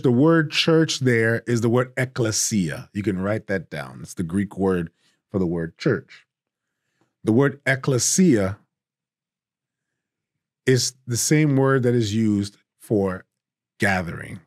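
A man's voice: on the low side, lively intonation, dry recording, clean studio sound. Emphatic man teaching Bible study. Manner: emphatic and conversational, rising for stress, drawing words out slowly.

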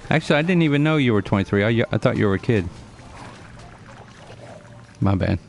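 A man in his forties with a lowish, expressive, gravelly voice talks fairly quickly against slight background noise. Earnestly chatting on a live stream, he lectures, repeats himself, and answers viewers by name.

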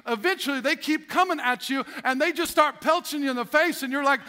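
Male pastor, sermon, very high pitch, animated, acts out voices. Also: fairly quick, hardly any pauses. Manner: animated, laughing, acts out voices of stressed people. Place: church sanctuary.

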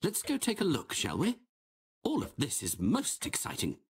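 Sherlock Holmes, grandly pompous. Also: male voice, a little high, huge pitch swings, moderate pace, breathy edge, heavily acted. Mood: curious. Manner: grandiloquent, lecturing, sweeping delivery. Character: pompous, theatrical male detective, grandly confident. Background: music.

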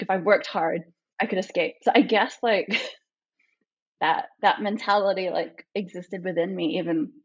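Husky Australian woman, chatty and reflective. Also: lowish voice, lo-fi sound. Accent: Australian with an American twang. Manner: chatty, reflective, many "like" fillers. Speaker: podcast guest. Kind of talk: casual conversation.

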